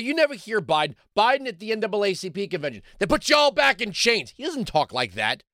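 A man's voice: on the high side, bright, forceful tone, dry recording, studio quality. A man hosting a political talk show, delivering a combative, sarcastic commentary monologue.

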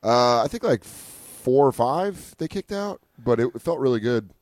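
A man's voice: mid-range voice, no room sound. A man co-hosting a comedy podcast, casually telling profane road stories and acting out the people in them. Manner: crude and animated, acting out people in quick voices. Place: radio studio.

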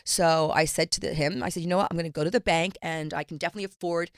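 Middle-aged woman, chatty guest, candid storytelling, lowish pitch, dry room. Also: steady tone, racing, no echo. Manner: chatty, candid, acts out quoted voices. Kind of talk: casual storytelling.

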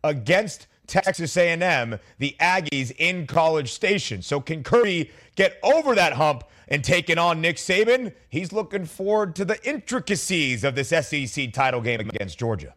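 A man hosting a college football talk show, energetic and opinionated, joking with his co-host. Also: on the high side, moderate pace, few pauses. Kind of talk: sports talk commentary.

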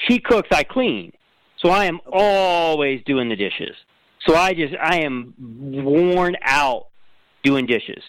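An easygoing man as a guest in a casual chat, self-deprecating and quick to laugh. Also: fairly high pitch, fairly bright tone, dry recording, low-quality recording.

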